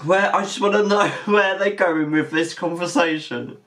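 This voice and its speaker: A woman's voice: lowish voice, moderate pace, fairly bright tone. A woman hosting a reaction video who keeps breaking into helpless laughter and swears as she reacts. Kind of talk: casual reaction commentary.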